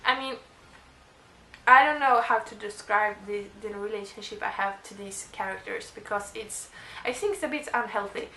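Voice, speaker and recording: A woman's voice: medium pitch, normal speed, a little hiss or hum. Gushing young woman in a roomy echo. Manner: gushing, excitable, rambling with restarts. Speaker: book vlogger. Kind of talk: casual monologue to camera.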